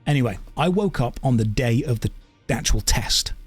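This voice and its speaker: A man streaming a game and chatting casually, wandering through anecdotes and tangents in an animated way. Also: medium pitch, moderate pace, slightly rough, no echo. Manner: animated storytelling. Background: faint game music.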